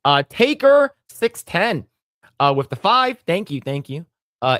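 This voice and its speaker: A man hosting a casual podcast chat at a mid pitch. He rambles through thoughts with frequent fillers and restarts, and the sound is dry and close. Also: lively intonation, normal speed, fairly bright tone, no echo. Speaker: podcast host.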